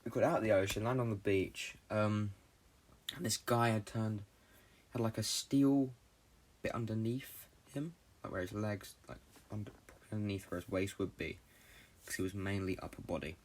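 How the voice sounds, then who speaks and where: A young man from Britain, a podcast host, telling a long dream story in a fast, rambling way with lots of swearing and fillers. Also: lowish voice.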